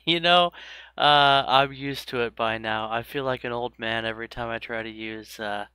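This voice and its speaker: A man in his thirties chatting casually on a live game stream, self-mocking and quick to laugh. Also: medium pitch, bright, forceful tone, smooth, no room sound. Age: 30s.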